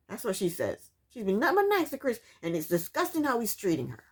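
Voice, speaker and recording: A woman's voice: mid-range voice, big pitch swings, quick pace, hardly any pauses, slightly rough. A woman recapping a reality TV show in casual commentary, sassy and exasperated, firing off rhetorical questions.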